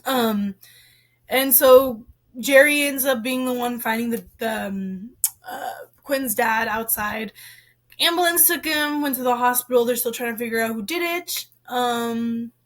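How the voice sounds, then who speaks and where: A woman's voice: a little high, unhurried. A young woman chatting casually about a novel she read, rambling with lots of "like" and "um" and getting worked up at times. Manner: rambling, heavy use of "like" and "um"; expressive, gets worked up. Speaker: book reviewer. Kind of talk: casual book review chat.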